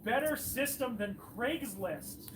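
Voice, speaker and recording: A man's voice: very high voice, expressive, slow, reverberant. A man co-hosting a live comedy show, teasing his partner in a dry way. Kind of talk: casual improvised banter. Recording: distant mic, noisy outdoor ambience.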